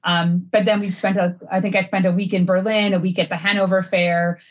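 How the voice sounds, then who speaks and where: A woman's voice: on the low side, level tone, a little fast, dull audio. Chatty middle-aged woman from Wisconsin. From Wisconsin, USA. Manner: chatty, frequent fillers and laughs. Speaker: guest, head of sustainability. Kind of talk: casual interview chat.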